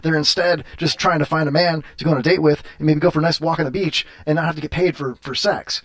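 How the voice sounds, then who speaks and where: A male podcast host talking casually with callers, his voice sitting a bit high. He rambles, fills pauses with "uh" and breaks into laughter, joking crudely. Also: steady tone, a bit bright.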